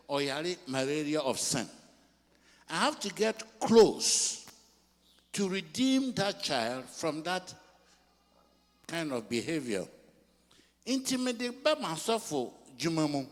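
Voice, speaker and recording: Older Ghanaian pastor preaching in a hall. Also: male voice, on the high side, sing-song. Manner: switches between English and Twi, slow and emphatic. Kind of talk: sermon. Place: large church hall. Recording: long reverb of a church hall.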